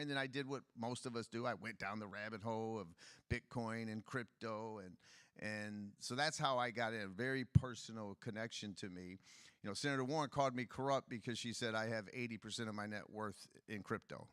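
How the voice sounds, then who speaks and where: Guy on a conference stage, lowish voice, opening up about where he came from. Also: brisk, a bit bright, no echo, clean studio sound. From Detroit, USA. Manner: candid, personal storytelling. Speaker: political candidate.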